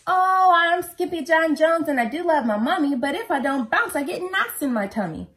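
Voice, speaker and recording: An eager little boy kitten from a storybook squeaks out his lines in a high, swooping voice, as a woman reads him aloud. He bounces along with a playful mock Spanish accent, full of excitement. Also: normal speed. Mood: bouncy. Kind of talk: picture-book read-aloud.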